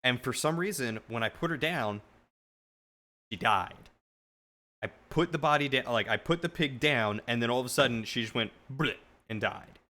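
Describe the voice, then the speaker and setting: A man streamer telling a long story casually to his live chat, animated and rambling with frequent restarts. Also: mid-range voice, moderate pace.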